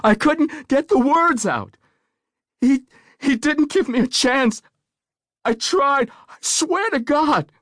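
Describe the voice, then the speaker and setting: A man's voice: a little high, animated, measured pace, pauses often, darkish tone, breathy edge, no echo, clean studio sound, voice pushed up, full character voice. A man voicing a dazed, panicked young woman who stammers and halts breathlessly, in an audiobook.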